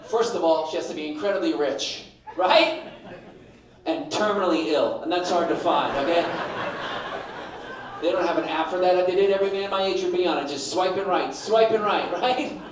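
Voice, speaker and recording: A brash middle-aged man works through a stand-up set with punchy timing, voice sitting a touch high. He sounds set back from the mic in a very echoey room. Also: moderate pace, distant mic, crowd noise. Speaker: stand-up comedian. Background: audience laughter.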